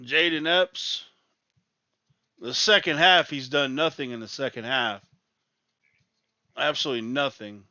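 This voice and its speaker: A man's voice: mid-range voice, a little slow, long pauses, bright, forceful tone, dry recording, muffled recording. A man ranting in exasperation as he reacts live to a college basketball game, repeating his complaints. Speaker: sports talk host.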